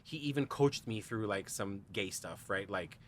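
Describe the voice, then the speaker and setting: Animated storytelling man, podcast guest. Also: on the low side, moderate pace, a little hiss or hum. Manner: animated, acts out quoted dialogue with big shifts; frequent "like" and restarts. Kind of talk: personal storytelling.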